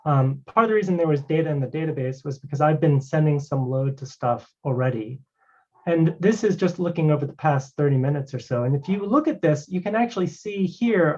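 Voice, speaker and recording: A fairly high-pitched man talks through a live technical demo as a guest presenter. He keeps it conversational, sprinkling in "you know" and "right". The stream audio is dull and lo-fi. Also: darkish tone. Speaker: guest presenter demoing a cloud product.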